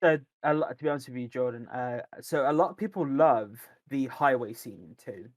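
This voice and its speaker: A man's voice: medium pitch, fairly quick, no echo. A man co-hosting a podcast, chatting casually and enthusiastically about films and games, rambling with lots of restarts. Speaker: podcast co-host. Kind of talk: casual film and games discussion.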